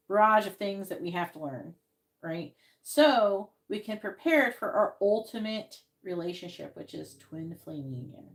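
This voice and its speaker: A woman giving psychic readings on a live stream, talking casually and rambling with many restarts, into earbuds. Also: on the low side.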